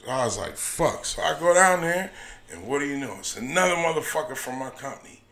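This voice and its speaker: Animated, cursing man telling stories. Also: a little high, fast talker, reverberant, crowd noise. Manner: profane, animated, laughs often. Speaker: podcast host. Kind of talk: casual storytelling.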